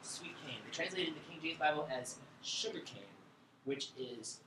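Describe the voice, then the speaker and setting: A man's voice: fairly high pitch, lively intonation, normal speed. A man giving a casual, irreverent lecture in a bookstore, thinking aloud and rambling between points. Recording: echoey room with background noise.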